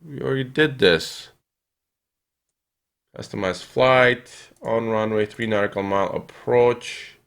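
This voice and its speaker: A young man streaming a flight game, chatting with viewers and thinking aloud with lots of fillers, now and then breaking into excited yells. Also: mid-range voice, slow pace, creaky, pauses often, clear, resonant tone. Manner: reads and answers viewer chat while playing. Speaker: gaming streamer. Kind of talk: live gameplay commentary.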